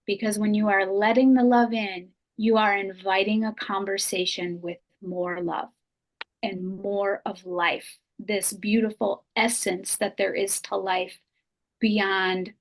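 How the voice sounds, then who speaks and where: A woman's voice: medium pitch, fairly bright tone. A middle-aged woman, a podcast guest, telling an emotional personal story in an earnest, heartfelt way and repeating phrases for emphasis.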